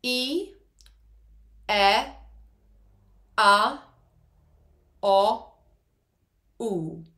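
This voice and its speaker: A woman leading an online singing class from home over a video call, chatty and encouraging. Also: medium pitch. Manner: encouraging, chatty, demonstrates sounds. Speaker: choir singing teacher. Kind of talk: online vocal warm-up lesson.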